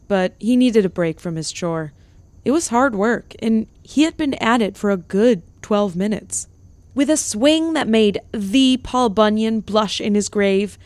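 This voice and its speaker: A woman narrating a comedic story in a deadpan, mock-grand delivery. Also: medium pitch, no room sound.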